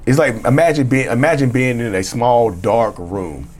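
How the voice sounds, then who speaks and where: A man's voice: medium pitch, moderate pace, a little mellow. A middle-aged man speaking as a relationship coach, giving emphatic, repetitive, blunt motivational talk with cussing.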